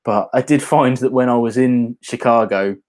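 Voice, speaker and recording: A man's voice: medium pitch, moderate pace, a little mellow. A British man hosting a casual livestream, chatting loosely and reading viewer comments aloud. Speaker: whisky channel host.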